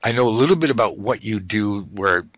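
A man with a low voice and a bright, forward tone, talking casually on a podcast. He rambles, restarts his sentences and jokes at his own expense. The sound is dry and close, with no room around it. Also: lively intonation, a little fast, no echo, dull audio. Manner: rambling, self-interrupting, jokey. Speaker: podcast host.

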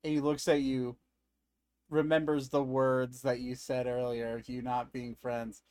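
A man narrating as game master of a tabletop game in a casual, halting way with many fillers. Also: mid-range voice, little pitch movement, darkish tone, clean tone, no echo, studio quality.

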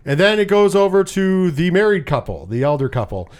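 A man's voice: high-pitched, very animated, fairly quick, a little mellow. Chatty swearing man recapping a movie. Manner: rambling, swears freely, acts out quotes. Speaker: podcast co-host. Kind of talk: casual movie recap chat.

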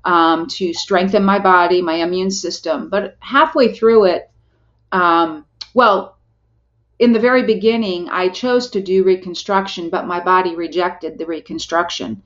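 A woman's voice: lowish voice, fairly even intonation, measured pace, a bit bright. Earnest middle-aged woman, muffled audio. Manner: earnest and heartfelt, with frequent restarts. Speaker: podcast guest. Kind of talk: personal storytelling in a podcast interview.

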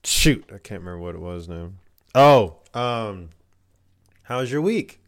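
A man's voice: lowish voice, animated, unhurried. A man co-hosting a casual podcast, joking around and teasing. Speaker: podcast co-host. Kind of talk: casual chat. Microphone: desk mic.

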